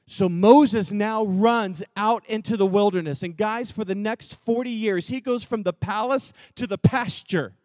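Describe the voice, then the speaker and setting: Texas guy preaching, casual slangy storytelling, high voice, dry sound. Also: a little slow, hardly any pauses, a little mellow, no echo. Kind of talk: sermon with a prayer and storytelling. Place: church gathering room.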